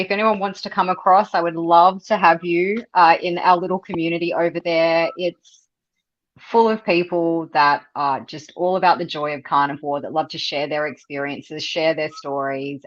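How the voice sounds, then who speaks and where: Woman, Australian accent, low pitch, animated casual talk, laughs often, dry slightly dull audio. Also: dry recording. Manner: animated, laughs often, repeats words when thinking. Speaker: interview guest. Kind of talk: casual interview conversation.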